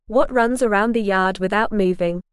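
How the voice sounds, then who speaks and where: Wise old frog gentleman, voiced by a woman, formal riddling manner, smooth voice, dry close sound, storybook. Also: mid-range voice, normal speed, no echo, lightly acted.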